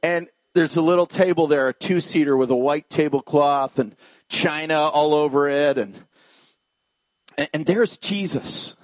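A male pastor preaching a sermon straight to the congregation, jumping from excited shouted peaks to soft hushed moments. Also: measured pace, dry recording. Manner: animated preaching, swings from shouted highs to hushed lows; direct address to congregation.

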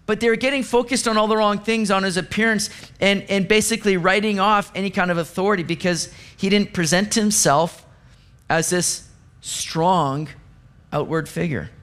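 High-voiced man preaching a sermon. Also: moderate pace, a bit bright, clear, resonant tone. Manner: conversational preaching with asides and light sarcasm. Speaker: pastor.

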